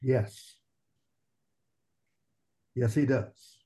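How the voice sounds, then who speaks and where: Man in the pews saying amen-type stuff back, slow, husky low-key voice. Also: fairly even intonation, mellow. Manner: short affirming responses. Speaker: congregation member.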